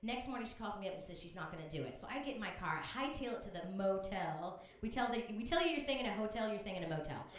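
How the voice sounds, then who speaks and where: A woman's voice: medium pitch, lively intonation, fast, few pauses, heavy reverb. A woman comedian doing a brash, profane stand-up set on a comedy club stage.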